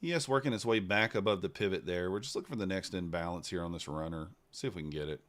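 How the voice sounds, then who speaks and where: A man giving casual live commentary while trading, thinking out loud in an unhurried, low-key way. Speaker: livestreaming futures trader.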